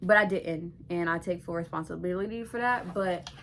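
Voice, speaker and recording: Young female vlogger, crisp bright tone, slightly low pitch, chatty and slangy storytelling. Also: moderate pace, slight background noise. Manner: animated, slangy, swears freely. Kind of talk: casual storytelling to camera.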